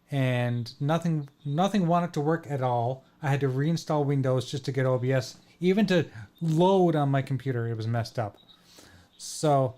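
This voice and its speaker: A man's voice: mid-range voice, darkish tone. Man hosting a casual podcast stream. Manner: apologetic, troubleshooting aloud. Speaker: podcast host. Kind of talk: casual chat.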